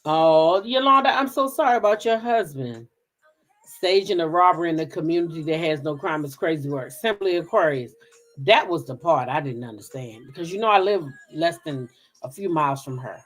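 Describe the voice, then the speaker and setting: Lively, frank middle-aged woman chatting. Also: sits low, a little fast, soft background music. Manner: chatty, frank, swears freely, talks straight to viewers. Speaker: gossip channel host. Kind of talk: casual live-stream chat, reading viewer comments.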